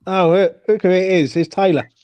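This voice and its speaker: A man's voice: high voice, fairly even intonation, a little fast, lo-fi sound, heavy background noise. A man hosting a casual football chat stream, laughing, swearing and full of slang. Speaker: podcast host.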